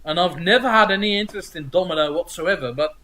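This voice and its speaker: A man co-hosting a casual chat over a video call, rambling excitably about comics and swearing freely. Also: high voice, fast, a little hiss or hum. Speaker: podcast co-host.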